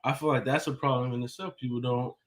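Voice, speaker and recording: A man's voice: mid-range voice, fairly even intonation, quick pace. A man co-hosting a live advice stream, reading viewer comments aloud in a laid-back, casual way.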